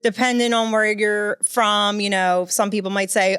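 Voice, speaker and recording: A woman's voice: mid-range voice, level tone, moderate pace, hardly any pauses, a bit bright, smooth, no room sound, clean studio sound. A woman, a comedian guest telling stories in casual podcast chat. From Philadelphia. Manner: chatty storyteller.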